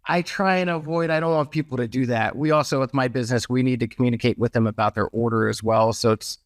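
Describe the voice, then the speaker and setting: A man's voice: medium pitch, fairly even intonation, quick pace, no echo, studio quality. A man speaking as a podcast guest in casual conversation, talking loosely with frequent restarts. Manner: conversational, many restarts and hedges. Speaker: podcast guest, merch business owner.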